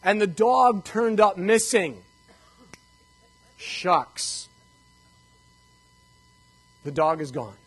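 An older man telling personal stories to a live audience in an animated, joking way, acting out the dialogue. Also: sits high, takes it slowly, long pauses, husky, poor audio. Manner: animated, jokey, acts out dialogue. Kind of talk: storytelling talk to a live audience.

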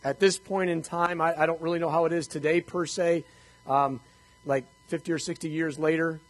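An older man telling personal stories to a live audience in an animated, joking way, acting out the dialogue. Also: on the high side, moderate pace, poor audio. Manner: animated, jokey, acts out dialogue. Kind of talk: storytelling talk to a live audience.

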